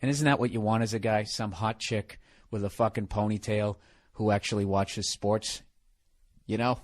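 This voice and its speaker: A man's voice: on the low side, steady tone, normal speed. Profane ranting middle-aged man. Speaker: podcast host. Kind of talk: rambling comic monologue.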